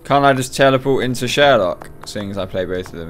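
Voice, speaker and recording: A man's voice: medium pitch, brisk. A man commentating his gameplay, exasperated, sarcastic and swearing. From United Kingdom. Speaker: let's play gamer.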